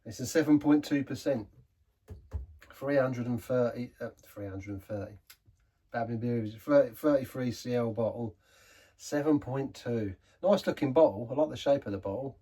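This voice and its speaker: English man, husky, rambling beer-review vlogger who repeats himself. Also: medium pitch, normal speed, dark tone. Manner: rambling, self-mocking, repeats words, laughs often. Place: pub.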